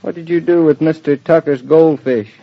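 A man's voice: on the high side, normal speed, creaky. An actor playing a cheerful, teasing young husband who dotes on his dog, in 1940s radio acting on a dull old radio recording. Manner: jovial, teasing, animated.

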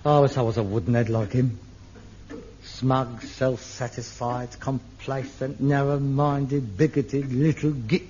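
A middle-aged man, acting in an old TV sitcom, theatrical and excitable, muttering one moment and ranting the next. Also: mid-range voice, a little slow, lightly acted. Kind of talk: 1960s-70s TV sitcom acting. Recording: lo-fi archive TV sound with faint hiss.

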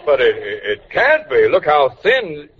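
A sarcastic portly radio-comedy husband. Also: male voice, a little high, huge pitch swings, measured pace, over a noisy crowd. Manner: dry, sarcastic jokes. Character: portly, sarcastic middle-aged husband friend. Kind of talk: 1940s radio comedy acting. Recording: dull, hissy old radio broadcast.

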